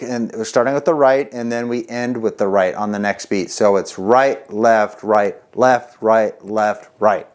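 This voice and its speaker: A man teaching a casual drum lesson, chatty and relaxed, counting rhythms out loud. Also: medium pitch. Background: drum kit playing.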